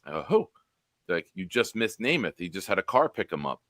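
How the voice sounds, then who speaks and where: A man in his forties, a show host telling a profane, animated sports story with quoted dialogue. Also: low voice, fairly quick, no echo.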